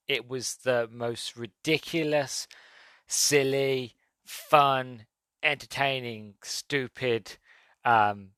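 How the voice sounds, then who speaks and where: A man's voice: mid-range voice, a bit bright, no echo. A man hosting a podcast, casually reviewing a movie in an enthusiastic, rambling way with lots of fillers. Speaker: podcast host.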